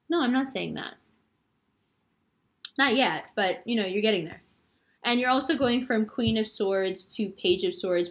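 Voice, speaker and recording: A woman giving a casual astrology and tarot reading, playful and rambling, with a lot of "like". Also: on the low side. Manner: chatty and rambling, heavy use of "like"; playful, teasing. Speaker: tarot reader.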